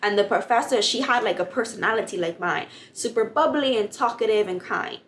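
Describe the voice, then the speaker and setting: A bubbly young woman talks into her camera at home, telling a personal faith story. Her pitch sits mid-range, and she jumps into quoted dialogue with real animation. A soft hiss and faint room ambience sit behind her. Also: brisk. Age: young adult. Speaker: vlogger. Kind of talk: casual testimony vlog.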